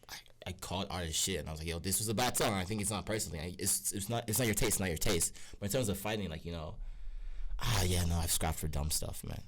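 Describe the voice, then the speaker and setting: A man's voice: deep voice, slight background noise. A young Irish man, a musician guest, chatting casually in a laid-back, slangy way with lots of laughs. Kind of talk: casual interview chat.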